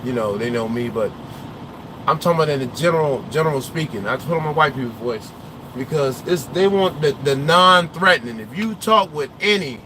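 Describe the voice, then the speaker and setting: A young male trucker livestreams from his truck cab, reacting to viewer comments in loose, rambling talk. His voice sits a little high and comes out forceful and bright, with a faint hum of background noise around him. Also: animated, brisk. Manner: rambling and opinionated, loses his train of thought. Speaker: trucker vlogger. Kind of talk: casual livestream chat, answering viewer comments.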